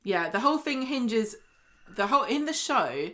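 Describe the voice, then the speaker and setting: A woman's voice: on the high side, very animated, moderate pace, a bit bright, slight background noise. Woman, chatty, laughs a lot, casual podcast chat, jokey mock voices. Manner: chatty, laughs often, slips into mock accents. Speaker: podcast co-host. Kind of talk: casual chat recapping a soap.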